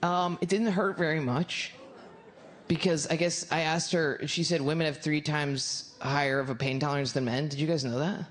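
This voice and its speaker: A woman's voice: deep voice, steady tone, normal speed. A woman comedian doing a stand-up routine on a club stage, telling a crude story in a rambling, self-interrupting way. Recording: live club recording with audience noise.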